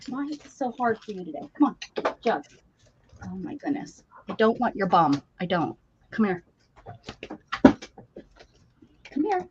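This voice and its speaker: Lively chatty woman streaming. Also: medium pitch, a little slow, long pauses, lo-fi sound, background noise. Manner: chatty and animated, greets viewers by name, coaxes her dog. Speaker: craft livestream host. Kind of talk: casual livestream chat.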